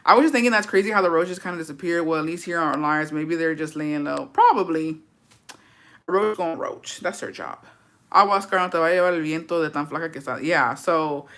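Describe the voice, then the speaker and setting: A woman's voice: deep voice, fairly quick, a bit bright. A young woman hosting a casual livestream, gossiping and swearing freely while reading chat, dropping in Spanish words. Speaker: livestream host.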